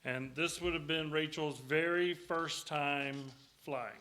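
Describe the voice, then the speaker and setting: A middle-aged man preaches in a church, his voice bright and fairly high. He tells folksy, joking stories between Scripture readings, talking easily to the congregation. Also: fairly even intonation, takes it slowly. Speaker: guest preacher. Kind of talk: sermon with storytelling. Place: church sanctuary.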